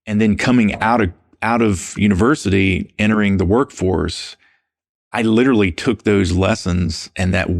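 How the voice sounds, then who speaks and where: Deep gravelly man. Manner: relaxed, anecdotal, uses "man" and "dude". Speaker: podcast guest. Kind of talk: casual storytelling interview.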